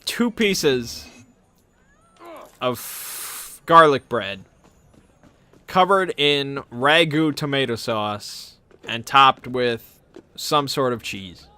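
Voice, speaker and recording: A man's voice: medium pitch, very slow, pauses often, bright, forceful tone, smooth. A man hosting his channel, telling a rambling, amused anecdote in a casual way. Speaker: channel host. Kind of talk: casual storytelling.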